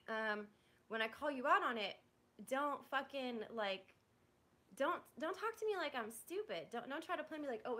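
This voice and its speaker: Bright high-voiced frustrated young woman. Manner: frustrated, blunt and profane, with many "like"s and restarts. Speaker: livestreamer. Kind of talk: venting live to stream chat.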